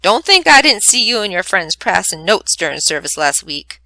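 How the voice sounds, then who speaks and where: Strict mother figure, firm and scolding, bright voice, a woman reading it. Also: mid-range voice, big pitch swings, normal speed, no room sound, low-quality recording.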